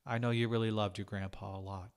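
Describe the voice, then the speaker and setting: A shy, earnest young woman in a storybook reading, as a man puts her on. She speaks softly and sincerely, in a lifted voice over a fairly low base. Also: little pitch movement, fast, smooth, lightly acted.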